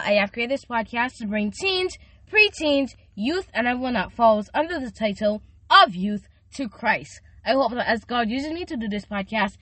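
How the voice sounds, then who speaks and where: A woman's voice: fairly high pitch, bright, forceful tone, no room sound. A teenage girl hosting a casual faith podcast, chatty and slangy as she encourages her listeners. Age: teens. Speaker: podcast host. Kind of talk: casual devotional podcast talk.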